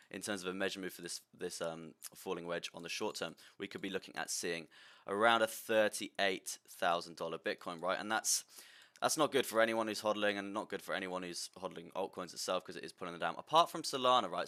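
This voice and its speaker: A young man on a live stream talking through price charts in a halting way, repeating words and often tagging on "right?". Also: low-pitched, pushed and bright, smooth. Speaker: crypto streamer.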